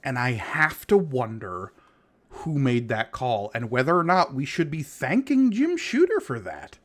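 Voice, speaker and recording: Chill guy hosting a podcast, mid pitch, laid-back delivery. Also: sing-song, unhurried, fairly bright tone. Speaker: podcast host. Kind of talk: casual podcast chat.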